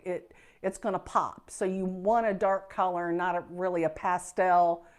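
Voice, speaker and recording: A woman's voice: fairly low pitch, darkish tone. A middle-aged woman with a Midwestern American accent, giving a casual, folksy quilting lesson in her sewing room. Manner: chatty, folksy, self-deprecating. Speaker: quilting instructor.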